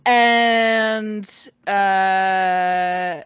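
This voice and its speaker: Slow, hesitant woman player. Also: mid-range voice, steady tone, fairly bright tone, clear, resonant tone, no echo. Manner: hesitant, giggly, filler-heavy. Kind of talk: tabletop game play.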